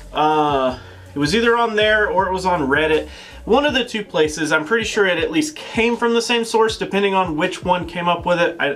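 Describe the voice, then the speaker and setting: A man's voice: sits high, pushed and bright. A man hosting his gaming channel, explaining team strategy in a chatty, casual way and leaning on filler words.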